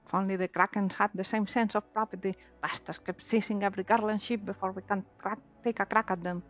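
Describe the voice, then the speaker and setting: A woman voicing a brash, foul-mouthed female pirate captain from a video game, with a gruff put-on pirate accent and rolled R's. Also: medium pitch, steady tone, a little fast, fairly bright tone, highs cut off, soft background music, lightly acted. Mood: scornful. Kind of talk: reading game dialogue aloud in voices.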